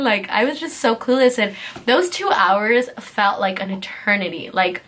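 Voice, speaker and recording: A young woman tells a personal story to camera in a casual vlog style. Her voice is bright and clear at a middling pitch. She is animated and keeps dropping "like" as she talks. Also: moderate pace. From California. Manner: animated, heavy use of "like", acts out quotes. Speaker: beauty vlogger telling a story.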